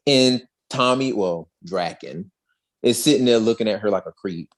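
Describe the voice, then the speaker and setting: A podcast co-host recapping an episode in a casual, animated way, full of slang and acted-out quotes. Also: mid-range voice, normal speed.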